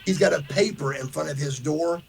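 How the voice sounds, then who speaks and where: Gravelly-voiced man telling a wild story. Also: a little high, fairly quick, a little hiss or hum. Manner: animated storyteller, says "brother", acts out quotes. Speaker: podcast host. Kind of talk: casual storytelling chat.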